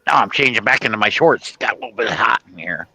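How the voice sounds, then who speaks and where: Male host from the Chicago area, rambling storyteller, bright tone, lively pitch. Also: vocal fry, slightly rough, poor audio. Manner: rambling storyteller, halting restarts. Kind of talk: casual chat.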